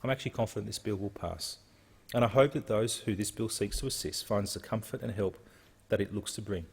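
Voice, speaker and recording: A man's voice: lowish voice, brisk, creaky, husky. A man, a member of parliament giving an earnest, reflective speech with occasional hesitations. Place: parliament chamber. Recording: long reverb of a large chamber.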